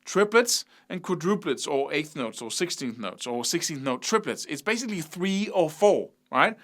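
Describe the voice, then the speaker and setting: A man gives a guitar lesson in a bright, fairly high voice that rises and falls a lot. He talks in a loose, conversational way, restarting sentences and sounding out rhythms with syllables. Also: expressive, normal speed. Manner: demonstrates picking rhythms by singing syllables; conversational, repeats himself and restarts. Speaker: guitar teacher.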